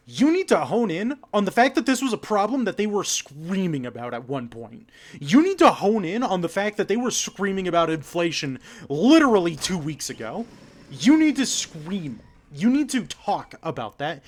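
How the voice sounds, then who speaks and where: A man giving a direct-to-camera political rant, profane, emphatic and hectoring. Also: sits high. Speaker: political commentator.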